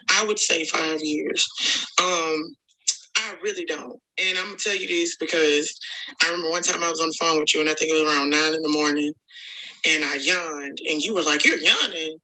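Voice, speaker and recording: A woman's voice: low voice, bright, forceful tone, poor audio. A woman leaving a voice memo for a podcast, reflective and rambling as she talks things through aloud. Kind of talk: recorded voice memo.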